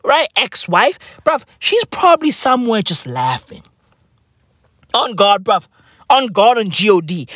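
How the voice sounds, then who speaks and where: Brief: male host, slow, deliberate rant, swears a lot, punches lines with shouts, dry close sound. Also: extremely high pitch, no echo. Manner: profane, emphatic, bursts into shouting. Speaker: podcast host. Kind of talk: ranting solo commentary.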